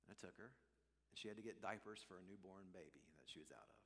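A male pastor preaching a sermon, telling a personal story in an animated, self-deprecating way. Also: sits low, fast, big-room sound.

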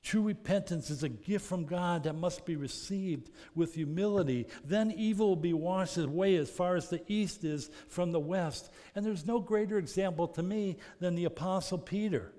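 A man preaching a sermon as pastor, earnest, moving between loud emphasis and soft, intimate passages. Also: high-pitched, normal speed, few pauses. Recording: long reverb of a large hall.

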